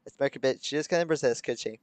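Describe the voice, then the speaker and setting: A young man reads a visual novel aloud on a live stream, stopping now and then to chuckle and make wry remarks. His voice sits at an ordinary middle pitch and sounds close and dry, with no room echo. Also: fast talker, clean tone. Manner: reads the story aloud, breaking off into chuckles and joking asides. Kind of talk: live let's-play commentary mixed with reading aloud.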